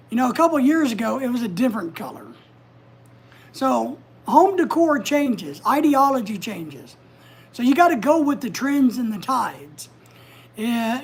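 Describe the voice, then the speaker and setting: A woman's voice: a little high, breathy edge. A woman hosting a casual livestream from home, chatting, giving advice and reading out viewer comments. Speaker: livestream host.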